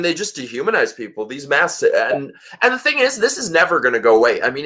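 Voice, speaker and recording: A man hosting a casual livestream chat, telling a story in an animated way and swearing freely. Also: medium pitch. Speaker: host.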